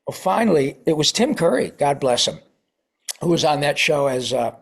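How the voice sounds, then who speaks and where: A middle-aged man in a casual interview, telling a story with lively asides and acted-out quotes. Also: a little high, moderate pace, gravelly, slightly rough. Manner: animated, acts out quoted voices. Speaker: voice actor guest.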